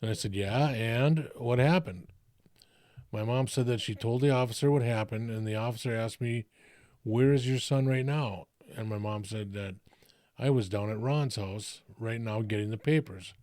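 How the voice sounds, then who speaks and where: Middle-aged man, mellow dark voice, dry close sound, blunt profane storytelling. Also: mid-range voice, normal speed, no echo. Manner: blunt, profane, plain-spoken. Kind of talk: casual first-person storytelling.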